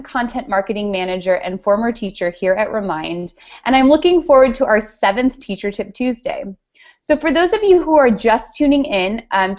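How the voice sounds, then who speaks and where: A woman with a Californian accent hosting an interview over a video call, upbeat and lively. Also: mid-range voice. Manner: upbeat, lively, some fillers. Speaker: host, interviewer. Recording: dull lo-fi video call audio.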